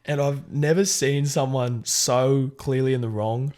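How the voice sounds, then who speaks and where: A man's voice: mid-range voice, fairly even intonation, measured pace, a little mellow. A young man with an Australian accent, co-hosting a casual podcast and animatedly telling a story, swearing often. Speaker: podcast co-host.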